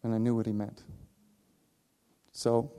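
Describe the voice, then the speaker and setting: A man preaching, telling a personal story with animated delivery, acting out the voices of others and laughing at himself. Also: medium pitch, unhurried. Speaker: pastor. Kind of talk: sermon storytelling.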